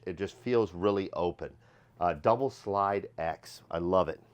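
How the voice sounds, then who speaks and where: Upbeat low-voiced man touring a motorhome. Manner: upbeat and enthusiastic, repeats praise. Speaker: host of a motorhome sales show. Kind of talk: casual walkthrough tour presentation. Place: inside a motorhome.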